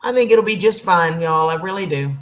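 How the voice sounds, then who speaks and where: A woman's voice: lowish voice, animated, brisk. Chatty woman on a livestream. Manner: chatty and affectionate, calls viewers honey. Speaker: livestream host. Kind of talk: casual livestream chat with viewers.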